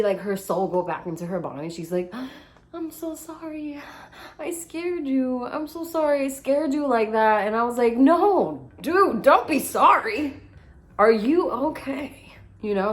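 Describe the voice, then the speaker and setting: A young woman, a tattoo artist, telling stories in a casual vlog and acting out the voices of the people in them. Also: medium pitch. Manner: animated storyteller, reenacts voices.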